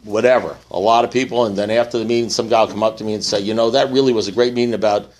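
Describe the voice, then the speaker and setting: A man speaking at a recovery meeting, telling a long joke and acting out the characters in a rising, excited voice. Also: lowish voice, very fast. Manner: animated storyteller, acts out characters in rising voice.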